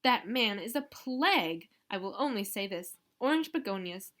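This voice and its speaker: A woman's voice: mid-range voice, animated, moderate pace, close to an everyday voice. A woman voicing a stern, imperious elderly grandmother in an audiobook. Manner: sharp, commanding.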